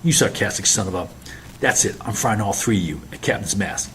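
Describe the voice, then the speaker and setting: A man's voice: fairly low pitch, animated, a little fast, a bit bright, slight background noise. A man reading a bitter, scheming young naval officer who snaps orders and puts on forced friendliness. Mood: angry.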